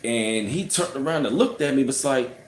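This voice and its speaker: A man's voice: mid-range voice, animated, normal speed, a little hiss or hum. A man telling a personal story in a casual, heated rant, scornful and full of "you know what I'm saying". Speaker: channel host. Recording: roomy echo.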